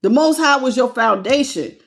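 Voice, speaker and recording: A woman's voice: high-pitched, expressive, moderate pace, gravelly. A woman giving a live tarot reading who greets viewers by name, calls them baby, and laughs often. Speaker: tarot reader.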